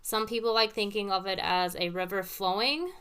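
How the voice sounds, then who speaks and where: A woman piano teacher with a bright, crisp, smooth voice. She explains patiently, using everyday comparisons. Piano notes are heard between her phrases. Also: medium pitch, moderate pace. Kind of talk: casual teaching talk with demonstrations. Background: piano played between phrases.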